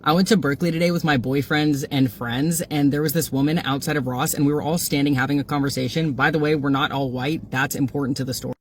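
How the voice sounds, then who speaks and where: A man's voice: fairly high pitch, steady tone, quick pace, hardly any pauses, a little hiss or hum. A young man casually recounting a strange encounter, rambling with lots of "like" and acting out quotes. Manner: rambling, full of "like", acts out quotes. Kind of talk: casual storytime chat.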